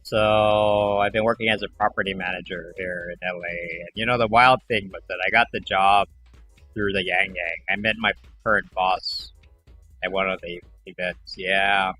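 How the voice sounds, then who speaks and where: A young livestream host with a low, steady, sharp-toned voice chats casually with his stream audience at normal speed, soft music playing behind him. He rambles and now and then acts out callers in quoted voices.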